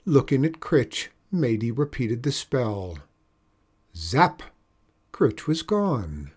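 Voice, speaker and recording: A man reading a children's story aloud in a steady, measured way. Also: mid-range voice, slightly rough.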